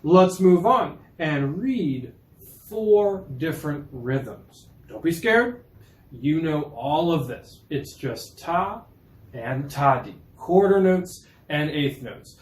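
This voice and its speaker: A man music teacher leading children through rhythm reading indoors, patient and reassuring. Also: fairly high pitch. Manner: patient, reassuring, warmly encouraging. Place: indoor room. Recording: echoey room.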